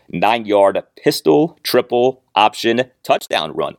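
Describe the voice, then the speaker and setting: A man's voice: lowish voice, dry recording, studio quality. A man hosting a solo sports podcast, laying out detailed stats and analysis, often starting sentences with "uh". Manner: detailed, stat-heavy analysis with frequent "uh" openers. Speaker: podcast host.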